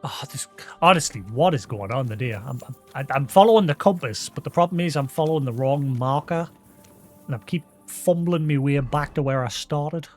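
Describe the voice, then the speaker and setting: A Geordie man talks casually over his gameplay, wandering from thought to thought and laughing at his own fumbling. His pitch sits mid-range, and faint music runs underneath. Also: lively intonation, normal speed. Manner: rambling and self-deprecating, with frequent "like" fillers. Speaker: streamer. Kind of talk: casual live-stream chat while gaming.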